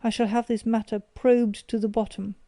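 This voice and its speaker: A woman voicing an older male banker who shouts furious accusations at his son. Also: a little high, level tone, moderate pace, no echo, lightly acted. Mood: bitter.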